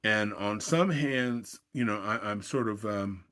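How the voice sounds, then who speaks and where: A man's voice: lowish voice, measured pace, pushed and bright. A middle-aged man telling his own dating stories in a wry, self-deprecating, conversational way. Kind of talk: casual storytelling to camera.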